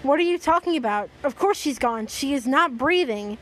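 A grieving young hero, as a woman reads him out, anguished and insistent in a storybook telling. The voice stays fairly high and plain, pushing harder on the outbursts. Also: moderate pace, slight background noise, lightly acted.

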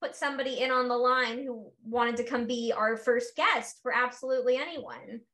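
A high-voiced woman riffs through a crude comedy podcast over a video call. She rambles and leans on filler words, keeping it loose and joking. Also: steady tone, moderate pace, sharp tone. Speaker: podcast co-host.

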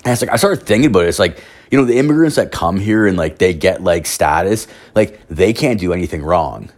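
A man's voice: deep voice, expressive, a little fast. A man ranting casually, rambling with constant filler words and heavy swearing. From Canada. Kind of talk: profane casual rant.

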